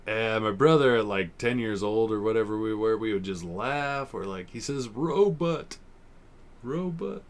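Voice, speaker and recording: A man's voice: fairly low pitch, moderate pace, hardly any pauses. A man in his forties hosting a podcast, casually rambling and swearing as he reviews old TV episodes. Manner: rambling, swearing, laughs often. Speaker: podcast host.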